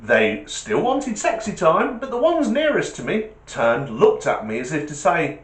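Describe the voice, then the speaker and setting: A middle-aged man telling a comic anecdote in an animated, self-mocking way. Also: fairly high pitch, measured pace, hardly any pauses. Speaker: storyteller, test driver. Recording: roomy echo.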